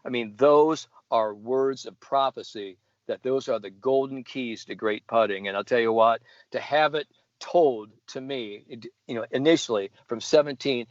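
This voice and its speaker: A middle-aged American man, a sports psychologist, telling a folksy story with animated asides and laughs. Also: medium pitch, dry recording, lo-fi sound. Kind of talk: casual storytelling.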